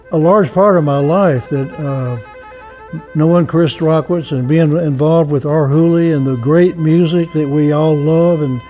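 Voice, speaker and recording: An older man with a Mississippi accent giving a heartfelt acceptance speech, halting and searching for words as he speaks. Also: fairly high pitch, dark tone. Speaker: award recipient.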